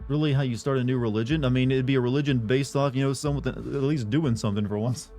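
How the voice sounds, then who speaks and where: A man's voice: medium pitch, fairly even intonation, fast, warm tone. Male streamer, sarcastic rambling chat with viewers, faint music underneath. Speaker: live streamer.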